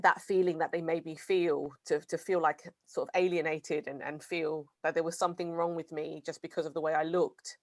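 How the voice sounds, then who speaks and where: Low-voiced British woman, hesitant. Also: level tone, brisk, hardly any pauses, no echo. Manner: hesitant, full of "sort of" and "kind of". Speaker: co-host. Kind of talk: casual discussion.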